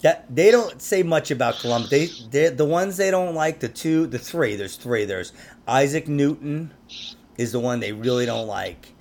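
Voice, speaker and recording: Gravelly, rambling podcast host. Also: male voice, mid-range voice, expressive, moderate pace, a little mellow, a little hiss or hum. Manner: rambling, laughs often. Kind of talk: casual conspiracy podcast chat.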